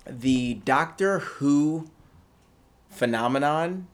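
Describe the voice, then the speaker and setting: A man's voice: on the high side, drawn-out words. A man co-hosting a casual chat, opinionated and rambling with lots of restarts. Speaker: podcast co-host.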